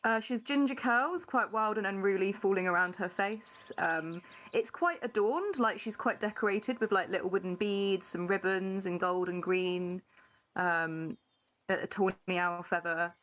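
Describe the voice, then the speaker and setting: A woman's voice: medium pitch, a little slow, a bit bright. A woman player casually describing her tabletop character in a chatty way. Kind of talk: casual chat.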